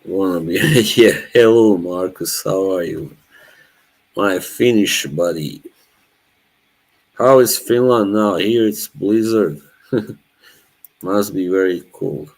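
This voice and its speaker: Slow, deep-voiced streamer. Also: male voice, low-quality recording. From Bosnia. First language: Norwegian. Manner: laid-back, laughs often, chats to viewers. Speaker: live streamer. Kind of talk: casual chat with live chat.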